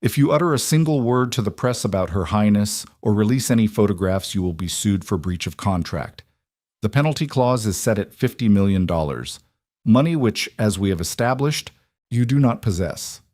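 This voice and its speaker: Man reading as a smooth, condescending lawyer. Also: lowish voice, lively intonation, moderate pace, a little mellow, dry recording, studio quality, natural voice.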